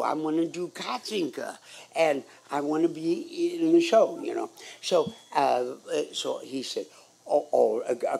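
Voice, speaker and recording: An older woman with a gravelly, worn voice tells a story on a club stage, drawing it out slowly. She wanders and stalls, reaching for names with strings of fillers before she picks the thread back up. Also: low voice, darkish tone. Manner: rambling, halting, loses her words with many fillers. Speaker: guest performer telling a story on stage. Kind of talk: live on-stage anecdote.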